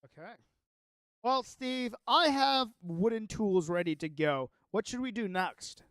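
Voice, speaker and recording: Man, gaming streamer, high voice, excitable, rambling, dry close sound. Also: measured pace, clear, resonant tone, no room sound. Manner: excitable, rambling, self-interrupting. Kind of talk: casual livestream chat while playing.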